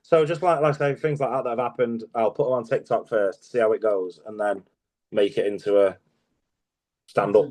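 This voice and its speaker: A man's voice: mid-range voice, steady tone, normal speed, a little mellow. Chatty, swearing middle-aged comedian man. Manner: chatty storyteller, swears freely, laughs often. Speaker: guest comedian. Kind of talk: casual interview chat.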